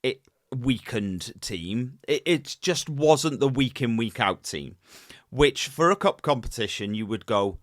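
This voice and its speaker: A man co-hosting a casual football podcast, talking in halting runs, repeating words and filling pauses. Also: medium pitch, lively intonation, no room sound, studio quality. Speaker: podcast co-host.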